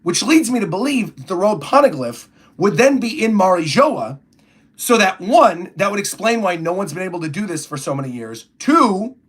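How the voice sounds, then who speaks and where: A man's voice: sits high, sing-song, normal speed, a bit bright, breathy edge. A young man chatting casually on a livestream, rambling through his thoughts and reading viewer comments aloud. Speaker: streamer reacting to a comic chapter.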